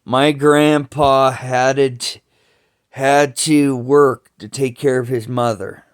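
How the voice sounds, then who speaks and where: A man telling family stories in a slow, halting way, restarting sentences often and cursing casually. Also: mid-range voice, fairly even intonation, smooth. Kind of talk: rambling family storytelling.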